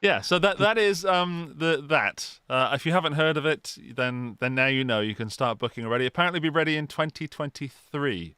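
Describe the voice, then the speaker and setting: Smooth-voiced chatty man, dry close mic. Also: a little high, fairly quick, few pauses, bright, forceful tone, no room sound. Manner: chatty, enthusiastic. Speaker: podcast co-host. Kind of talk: casual chat. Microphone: studio podcast mic.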